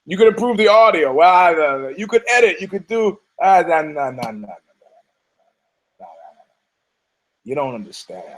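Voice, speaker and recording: A man's voice: high voice, sing-song, normal speed, pauses often, rough recording. Profane, rambling man from Detroit. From Detroit, United States. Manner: profane, laughing, frequent restarts. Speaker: podcast host. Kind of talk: rambling casual commentary.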